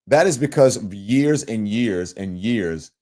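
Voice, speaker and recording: A man from Louisiana with a softened Southern accent, hosting a livestream and reading viewer comments in an animated, emphatic way. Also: unhurried. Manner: animated, swooping pitch, emphatic. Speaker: show host.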